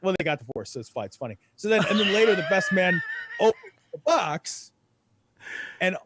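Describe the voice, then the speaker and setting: A man's voice: high voice, very animated, moderate pace, background noise. A man co-hosting a comedy podcast, telling rambling stories in casual chat and breaking into laughter. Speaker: podcast co-host.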